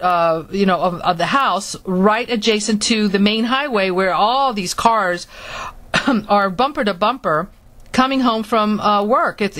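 A woman from Florida telling a personal story in a halting manner, with many restarts. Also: medium pitch, a bit bright. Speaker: speaker recounting her experiences.

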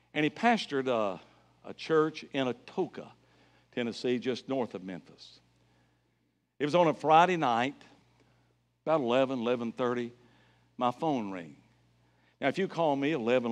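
In a church sanctuary, a visiting evangelist in middle age preaches with a mid-range voice. He delivers his stories forcefully, rising to loud cries as he presses his evangelistic message.

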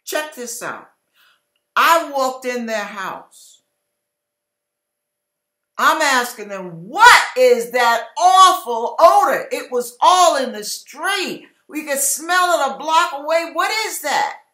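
Woman preaching slow and emphatic, high bright voice, echoey room. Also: animated. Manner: emphatic, repetitive, acts out quarrels in quoted voices. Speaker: Christian teacher. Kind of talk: sermon-style Bible teaching.

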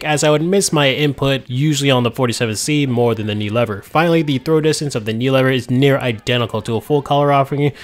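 A man recovering from a cold, with his voice slightly hoarse, giving a casual, detailed hobbyist review with dry jokes. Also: medium pitch. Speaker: arcade stick reviewer.

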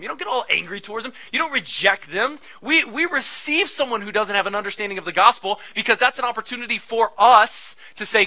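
A male pastor delivers a sermon in a loose, conversational style. His voice sits a little high and rings very bright. He keeps it animated, with quick asides to his listeners. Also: poor audio.

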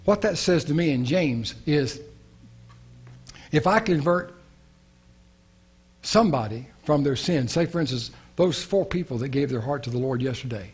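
A man's voice: fairly high pitch, lively intonation, normal speed, slightly rough. A male pastor preaching a sermon, earnest and prayerful, repeating key phrases.

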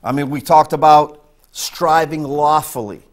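A man's voice: a little high, steady tone, unhurried. A man from northern Maine preaching a sermon as pastor, emphatic and repeating his points for stress.

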